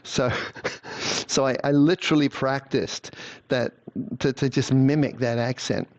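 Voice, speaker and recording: A man in a conversational interview, telling lively stories and stumbling over repeated words as he begins phrases. His voice sits at an ordinary middle pitch. The sound is dry and a little dull, like a lo-fi recording. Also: a little slow, dry recording. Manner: animated storyteller, repeats words when starting phrases.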